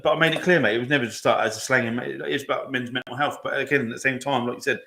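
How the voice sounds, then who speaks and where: A man, talking fast and emphatically in a casual podcast chat, swearing often and calling his listener "mate". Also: medium pitch, fairly even intonation, bright, forceful tone. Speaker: podcast co-host.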